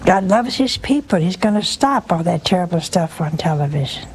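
An older woman hosting a religious call-in show, giving gentle spiritual counsel and calling her callers honey and sweetheart. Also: on the low side, expressive, normal speed, a little hiss or hum, rough recording.

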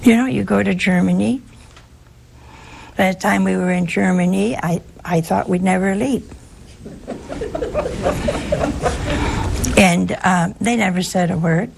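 A woman's voice: mid-range voice, slow, gravelly, long pauses, a little mellow, slight background noise. A woman, a religious sister, giving an informal, humorous spiritual talk full of anecdotes. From United States.

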